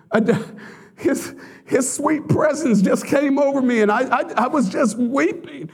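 A man preaching a sermon as pastor, telling stories with laughter and sudden high excited outbursts. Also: slow, creaky.

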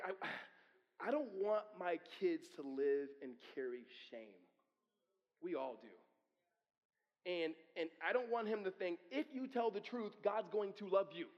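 A man in his thirties preaching a conversational sermon as pastor, telling stories and swinging from loud to hushed. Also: sits high. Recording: reverberant hall, dull sound.

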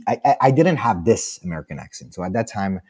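A man from Italy with an Italian accent, a guest in an interview, telling anecdotes in a lively way and often laughing. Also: on the low side, quick pace, slightly rough. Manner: animated storyteller, laughs often, acts out quoted lines.

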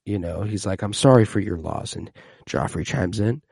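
Low gravelly man recapping a show. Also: normal speed, a little mellow, no echo, clean studio sound. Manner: recaps scenes, quoting characters in playful voices. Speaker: co-host. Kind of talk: casual chat.

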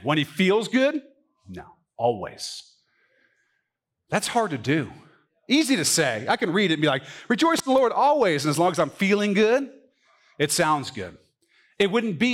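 Animated man preaching a sermon. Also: medium pitch. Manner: animated, rising to emphatic peaks and dropping to quiet asides. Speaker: pastor. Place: church sanctuary.

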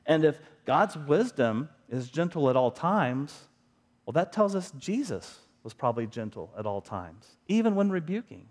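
A man's voice: fairly high pitch, very animated, normal speed, darkish tone. A middle-aged man preaching a sermon as a pastor, talking to the congregation in an earnest, conversational way and asking rhetorical questions.

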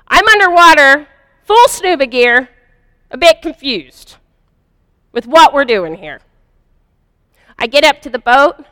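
A woman's voice: high-pitched, sing-song, slow, pauses often, pushed and bright, no echo, big-room sound. A woman earnestly telling a personal spiritual story in a confessional first-person way. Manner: earnest, confessional, vivid retelling. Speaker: speaker sharing a personal story.

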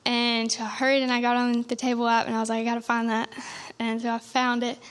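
A woman's voice: fairly high pitch, monotone, fast, clean tone. Earnest young woman giving church testimony. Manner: earnest, emotional retelling with frequent restarts. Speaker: testimony speaker.

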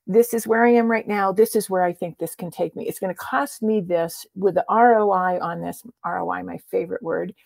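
A middle-aged woman coach talks in a lively, animated way in a casual interview and acts out the lines of the people in her stories. Her voice is husky with a gravelly fry. It is recorded dry, with no room sound. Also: fairly low pitch, brisk, few pauses, no room sound. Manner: animated storyteller acting out quoted dialogue. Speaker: transformation coach guest.

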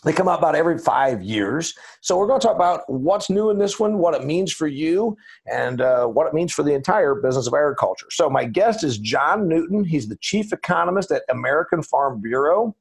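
Lively, husky-voiced male podcast host. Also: a little high, fairly quick. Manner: chatty, emphatic, folksy. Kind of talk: casual podcast chat.

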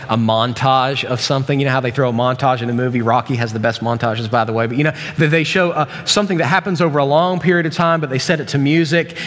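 A man's voice: mid-range voice, fairly bright tone. A man preaching a sermon in a casual, joking way, with many restarts and asides. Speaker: pastor. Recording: long reverb from a large hall.

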